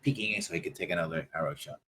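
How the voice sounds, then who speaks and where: A man's voice: extremely low pitch, racing, sharp tone, a little hiss or hum. A man running a tabletop role-playing game as game master, talking loosely and conversationally.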